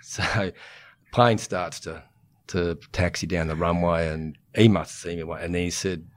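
A man's voice: deep voice, steady tone, measured pace, no echo. An Australian man in his sixties, a former chief executive, telling rambling anecdotes as a podcast guest and chuckling as he goes. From Queensland, Australia. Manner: rambling, self-interrupting, chuckles through his stories. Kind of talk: casual anecdotal storytelling.

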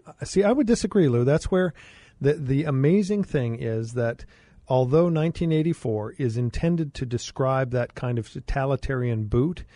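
A man speaking as a studio guest on a radio talk show, measured and firm when he agrees or argues a point. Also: mid-range voice, dark tone, dry recording. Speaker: studio guest, attorney and former mayor.

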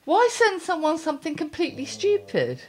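A woman's voice: very high voice, huge pitch swings, brisk. A middle-aged woman columnist reading her diary aloud and chatting, wry and blunt, with exasperated asides. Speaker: columnist and podcast host.

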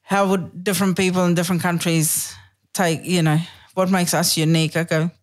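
A woman hosting a podcast in casual chat over a video call, talking freely and swearing, with quick put-on impressions of other people. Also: on the low side, flat delivery. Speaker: podcast host.

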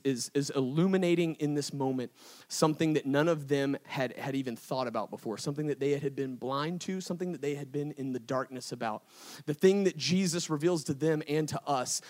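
Guy preaching to a crowd, kinda high voice, super casual slangy storytelling, does goofy voices for people. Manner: animated storytelling with playful impressions of characters; casual slangy delivery, addresses the crowd as y'all. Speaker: pastor. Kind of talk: sermon. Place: event stage before a live audience.

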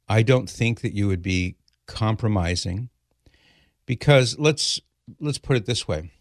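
Deep-voiced radio talk host. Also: male voice, no echo, clean studio sound. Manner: playful, then calm explanatory. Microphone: studio microphone.

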